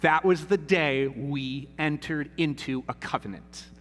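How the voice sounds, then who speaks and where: A pastor in his thirties preaches a sermon in a church sanctuary, speaking conversationally and often asking "right?" His voice is a little high and a little slow, and the large hall carries a slight hiss or hum.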